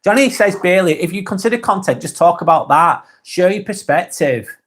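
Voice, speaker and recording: A man's voice: high-pitched, expressive, moderate pace. Laid-back man chatting on a live stream. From England. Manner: laid-back, chatty, trails off softly at phrase ends. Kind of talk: casual live-stream chat reading comments.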